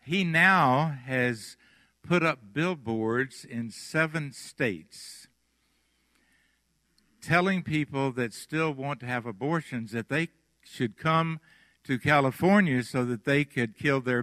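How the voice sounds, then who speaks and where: Southern man preaching, slow and deliberate, bright clear voice, dry close sound, emphatic pauses. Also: mid-range voice, dry recording. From Mississippi. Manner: slow, emphatic preaching with soft trailing phrases and dramatic pauses. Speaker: pastor. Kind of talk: sermon.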